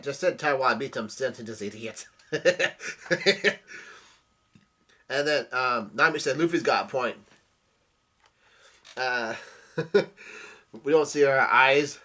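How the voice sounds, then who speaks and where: A man casually recapping a comic chapter, halting and full of fillers as he goes. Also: medium pitch, pushed and bright. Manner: halting, with many fillers and restarts. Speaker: manga reader and recapper.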